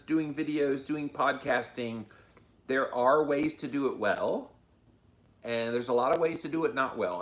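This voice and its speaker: A middle-aged man with a Southern accent, hosting a casual livestream and answering viewer comments in a chatty, encouraging, slow-spoken way. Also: mid-range voice. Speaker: podcast host reading viewer comments.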